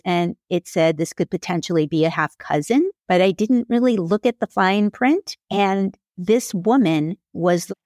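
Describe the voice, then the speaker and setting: A woman from California tells her own story as a podcast guest, candid and lively, with a lowish voice. She brightens and lifts her pitch whenever she quotes someone. The recording is dry and close, with no room sound. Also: dry recording. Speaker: memoir author telling her adoption story as a guest. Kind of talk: personal storytelling in a podcast interview.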